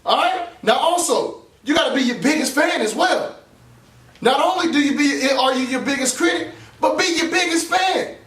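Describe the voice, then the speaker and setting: A man's voice: very high voice, expressive, normal speed, fairly bright tone, far from the mic. A man gives an emphatic motivational talk, repeating his points like a preacher. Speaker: motivational speaker. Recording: echoey room, voice off-mic.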